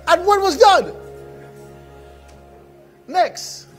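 A man preaching a sermon, animated and bursting into shouts. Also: very high-pitched, very slow, soft background music. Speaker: pastor.

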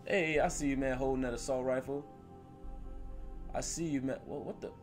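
A young man rambling through a gameplay commentary, animated and slangy, laughing as he tells stories and sounding a bit sniffly. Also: mid-range voice, moderate pace, soft background music. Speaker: gaming video host. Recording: gunfire and clicks under voice. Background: in-game gunfire.

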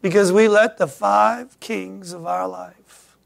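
Man, pastor, sermon, very gravelly, swings between loud bursts and soft asides. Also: sits high, slow pace. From Michigan, USA. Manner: preaching with sudden loud rises and quiet asides.

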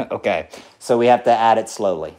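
Very low-voiced playful woman cooking. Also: moderate pace, mellow, echoey room. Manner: playful, teasing, laughs often, gives step-by-step instructions. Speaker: vlog host cooking with a child. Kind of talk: casual home cooking vlog. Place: home kitchen.

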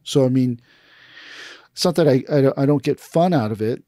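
In a casual podcast chat, a male aikido teacher tells stories at normal speed in a mid-range voice, acting out whoever he's quoting with animation. The studio recording is clean, with no echo.

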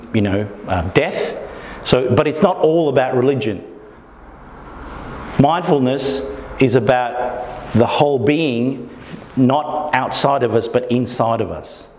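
A man's voice: mid-range voice, a little slow, a little mellow, slight background noise. A man presenting to a small meetup group, often checking in with his listeners and acting out inner thoughts. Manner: keeps checking in with the audience, acts out inner thoughts. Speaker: workshop presenter. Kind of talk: informal talk to a small group. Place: meetup room. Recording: echoey room with long reverb.

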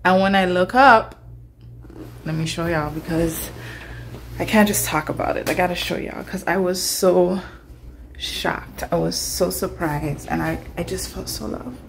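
A woman's voice: fairly low pitch, steady tone, moderate pace, gravelly, a little hiss or hum. A young woman vlogging casually to her phone camera, chatty and emotional, talking straight to her viewers. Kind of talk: casual vlog talk to camera.

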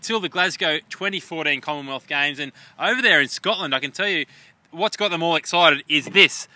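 A man's voice: a little high, a little fast, bright, forceful tone, no echo. An Australian man co-hosting a jokey sports show outdoors at a stadium, with a mock-formal presenter patter. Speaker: co-host.

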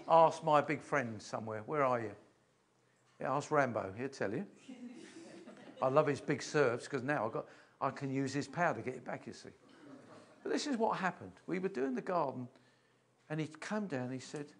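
An older man giving a sermon in a church, emotional and halting, often repeating himself as he restarts sentences. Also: medium pitch, animated, vocal fry, slight background noise. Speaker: preacher.

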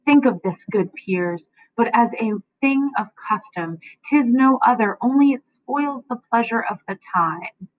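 Macbeth, a frantic haunted king, as a woman reads him. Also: expressive. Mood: raging. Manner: reads the verse slowly, rising in pitch and loudness. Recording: dry, tinny phone-like sound.

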